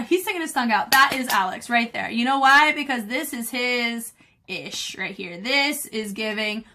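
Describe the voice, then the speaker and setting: Enthusiastic woman choreographer, higher voice. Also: animated, normal speed, noisy background. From United States. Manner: scats and counts beats along with the music; enthusiastic and chatty. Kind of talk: dance reaction commentary. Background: faint music.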